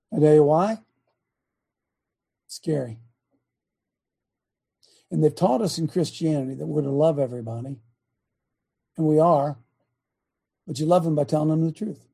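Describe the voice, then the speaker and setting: An older man from Ohio preaching a folksy, blunt sermon, swinging between loud emphatic bursts and quiet asides. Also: on the high side, gravelly, breathy edge.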